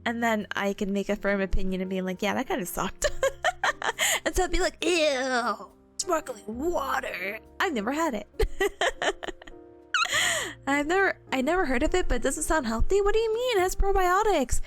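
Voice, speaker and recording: A woman's voice: high voice, sing-song, moderate pace, a bit bright, soft background music. A young woman streamer chatting casually with her viewers, giggling often and slipping into playful silly voices. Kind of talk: casual live-stream chat.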